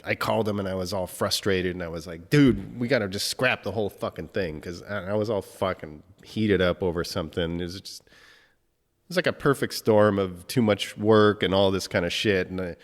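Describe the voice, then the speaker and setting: Choked-up man in a reverberant room. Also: low-pitched. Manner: halting, many restarts and fillers, heavy swearing. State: emotional, choked up. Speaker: podcast host. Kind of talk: emotional tribute monologue.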